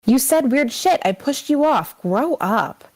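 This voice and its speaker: A man's voice: extremely high pitch, lively intonation, a little slow, voice pushed up, full character voice. A man putting on a voice for an annoyed young woman who answers with short, cold retorts while reading her messages aloud. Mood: resentful.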